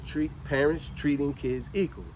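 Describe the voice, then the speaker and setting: A man, hosting a casual vlog and telling a family story in a lively way. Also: on the high side, normal speed, slight background noise. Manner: lively, animated, laughs while telling. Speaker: vlog host.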